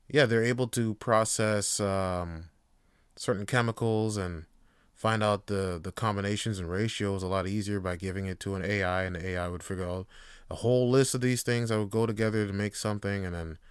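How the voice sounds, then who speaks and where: A man's voice: on the low side, normal speed, smooth, no echo, studio quality. A man hosting a casual podcast monologue, rambling with many fillers and some swearing. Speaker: podcast host.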